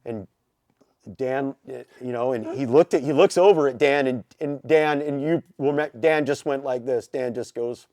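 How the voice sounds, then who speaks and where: Man, from the pacific northwest, podcast guest, animated storytelling, dry close sound. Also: mid-range voice, moderate pace, no room sound. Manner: animated anecdotes, many "you know" fillers. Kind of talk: casual storytelling.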